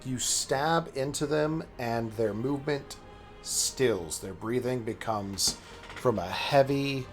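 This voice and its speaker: A man's voice: medium pitch, takes it slowly, faint music behind. A man running a tabletop game as game master, narrating with a wry touch. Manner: descriptive, wry.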